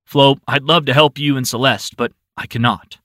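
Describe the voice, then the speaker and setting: A bitter, withdrawn brother in a narrated story, speaking stern and clipped with a dry sarcastic edge, as a male narrator puts him on. His tone is bright and pointed. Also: mid-range voice, steady tone, normal speed, no echo, pitched above the performer's own voice, close to an everyday voice.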